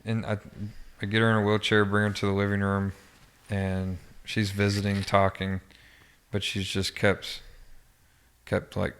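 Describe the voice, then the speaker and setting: Man, deep-ish, flat delivery, subdued interview storytelling. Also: slight background noise. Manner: halting, with frequent restarts and fillers. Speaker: podcast guest. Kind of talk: personal recollection in an interview.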